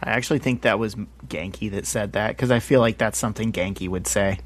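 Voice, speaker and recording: A man co-hosting a casual comic-book podcast, relaxed and chatty, laughing often and swearing in passing. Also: fairly low pitch, fairly quick. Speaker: podcast co-host.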